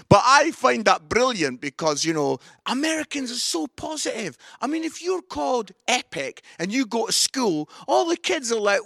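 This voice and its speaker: Lively high-voiced Scottish man telling stories. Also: normal speed, vocal fry, few pauses, no echo, clean studio sound. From Scotland. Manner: animated storytelling with jokes and voices. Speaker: Christian comedian and preacher. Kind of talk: comic Easter talk and Bible reading. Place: at home.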